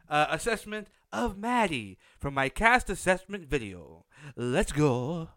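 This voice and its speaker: A man's voice: a little high, very animated, takes it slowly, sharp tone, no echo. A man hosting a podcast, giving a blunt, opinionated recap of a reality show in a casual, unsympathetic way. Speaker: podcast host.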